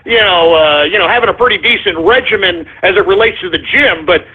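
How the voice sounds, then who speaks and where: High-voiced ranting radio host. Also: male voice, a little fast, husky. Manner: ranting, rambling, repeats "all right?". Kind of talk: talk radio rant. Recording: tinny phone-line sound.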